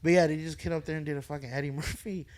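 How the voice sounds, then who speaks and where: A man's voice: on the high side, steady tone, racing, darkish tone. A young man, a stand-up comedian, chatting on a podcast and telling stories animatedly with laughs and swearing. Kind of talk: casual podcast chat.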